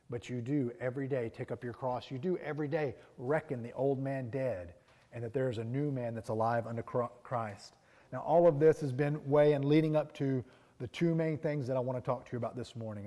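A man preaching a morning sermon, earnestly repeating his key lines and swelling to emphatic peaks between quieter stretches. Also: medium pitch, in a large hall. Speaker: pastor.

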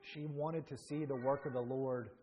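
A man's voice: mid-range voice, fairly even intonation, normal speed, warm tone, dull audio, slight background noise. A male pastor preaching a sermon with earnest, emphatic delivery that rises in bursts.

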